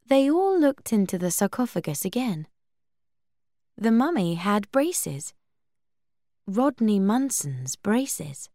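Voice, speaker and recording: A woman reads a storybook aloud at a slow, deliberate pace. Her pitch rises and falls a lot, and the sound is dry and close. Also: very animated, dark tone, dry recording. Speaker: narrator.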